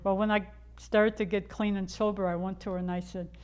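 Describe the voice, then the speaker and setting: A woman's voice: medium pitch, little pitch movement, brisk, darkish tone, clear, resonant tone. An older woman from the Chicago area telling her own life story in a candid, rambling way, full of fillers and restarts. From Chicago area, USA. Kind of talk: personal storytelling.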